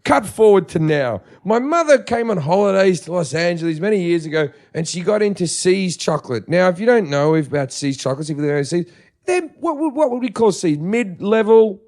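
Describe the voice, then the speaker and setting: A man with an Australian accent telling a comic story on a podcast, profane, animated and exasperated. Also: high voice, brisk. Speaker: podcast host. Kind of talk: comedic storytelling, casual chat.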